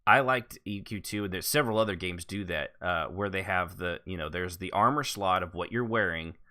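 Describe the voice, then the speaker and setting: A man with a low, deep voice and a bright, forceful edge to it. He chats casually on a podcast. His phrasing rambles and restarts as he works out his thoughts. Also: a little fast. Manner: rambling, stop-start phrasing. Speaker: podcast co-host.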